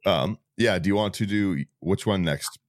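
A man's voice: low-pitched, normal speed, no room sound, studio quality. A man co-hosting a casual group podcast, talking through game strategy with frequent restarts and repeated words. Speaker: podcast co-host. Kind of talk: casual group chat about a card deck.

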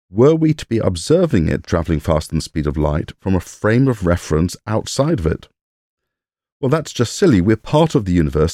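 A man's voice: lowish voice, dark tone, no room sound. A man hosting a podcast, reading a scripted science explainer with dry humor and jokey asides. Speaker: podcast host.

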